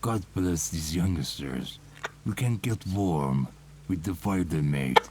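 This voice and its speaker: An actor playing a creepy, sinister old man who warms himself by a fire, in video game dialogue. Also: deep voice, animated, noisy background. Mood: grim. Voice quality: sinister, slow.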